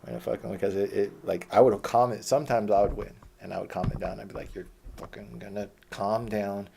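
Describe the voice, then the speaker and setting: A man's voice: lowish voice, fairly even intonation, fast, creaky, warm tone, a little hiss or hum. A man telling his life story in a rambling, profane, casual monologue.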